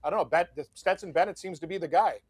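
A man's voice: sits high, quick pace, husky, no room sound. A man co-hosting a sports betting show, talking enthusiastically and agreeing eagerly. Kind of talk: casual sports chat.

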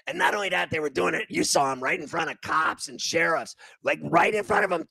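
Brief: male talk host, gravelly and sharp, lively swooping pitch, profane mocking rants. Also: fairly quick, few pauses, no room sound. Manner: loud, profane, mocking ranting. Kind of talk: radio talk show rant.

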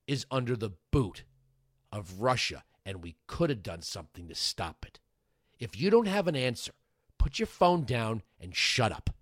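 A man's voice: medium pitch, dry recording, clean studio sound. A man hosting a talk radio show, delivering a sarcastic, mocking, combative monologue.

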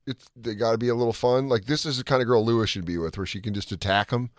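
A man co-hosting a casual podcast chat, telling stories with lots of laughter and quick put-on voices. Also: medium pitch, no echo, clean studio sound. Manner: animated storytelling with impressions and laughter. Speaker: podcast co-host.

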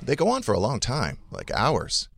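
A man hosting a talk show, lively and joking with his guests. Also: medium pitch, moderate pace, creaky, dry recording, clean studio sound. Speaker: radio host. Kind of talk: morning radio talk.

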